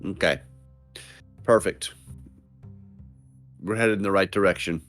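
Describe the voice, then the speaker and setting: A man's voice: low-pitched, unhurried, a bit bright, soft background music. A man playing a tabletop game, talking casually and hesitantly while he searches for words. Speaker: player.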